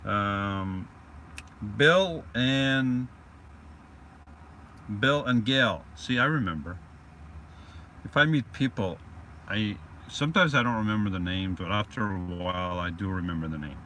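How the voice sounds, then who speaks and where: A man's voice: low-pitched, moderate pace, sharp tone, slight background noise. Joking rambling man on a livestream. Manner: rambling and joking, greets viewers by name. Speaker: livestream host reading viewer comments. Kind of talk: casual live-stream chat. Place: van or vehicle.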